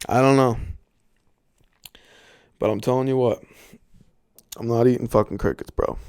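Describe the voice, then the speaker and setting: A man's voice: medium pitch, fairly even intonation, normal speed, darkish tone, clean tone. A young man from Canada hosting a podcast, rambling and joking casually with plenty of swearing. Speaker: podcast host.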